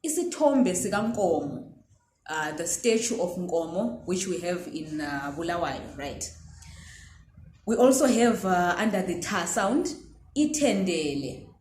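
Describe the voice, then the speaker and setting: Woman, language teacher, slow careful delivery, echoey room. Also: lowish voice, expressive, a little mellow, a little hiss or hum. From Zimbabwe. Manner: patient, checks in with "right?". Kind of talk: pronunciation lesson.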